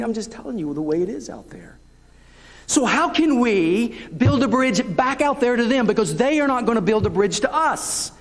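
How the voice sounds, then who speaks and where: High-voiced Southern preacher in a reverberant church. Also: male voice. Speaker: pastor. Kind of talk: sermon. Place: church sanctuary. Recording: long reverb of a church hall, local TV broadcast.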